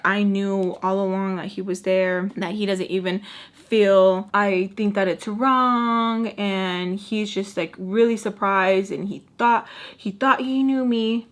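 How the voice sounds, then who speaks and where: A chatty young woman, a storytime vlogger, tells a story casually to camera. She is animated and drops in Spanish words and fillers, speaking at normal speed in a mid-range voice.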